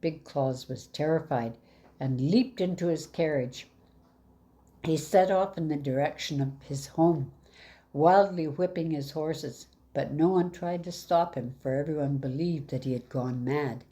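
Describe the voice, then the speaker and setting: A woman reading a fairy tale aloud in an even, measured way. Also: low voice. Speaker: storyteller.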